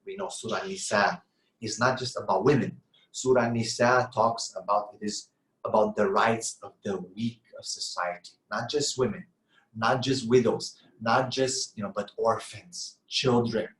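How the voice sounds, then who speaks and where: A man's voice: fairly low pitch, fairly even intonation, unhurried, fairly bright tone, roomy sound, low-quality recording. A middle-aged man giving an earnest sermon-style talk on parenting, asking rhetorical questions and answering them himself. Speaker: Islamic lecturer.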